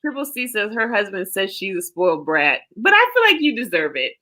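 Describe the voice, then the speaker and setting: Woman co-host, bright higher voice, lively animated delivery, casual livestream banter. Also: brisk. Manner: animated storytelling, laughs often, reads out chat comments. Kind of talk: casual chat.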